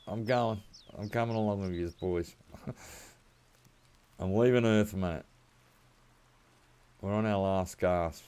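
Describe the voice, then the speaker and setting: Deep gravelly Australian man rambling. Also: a little mellow. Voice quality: laid-back rambling, chuckling often, slang like mate and reckon. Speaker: gaming streamer. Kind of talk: casual gameplay chat.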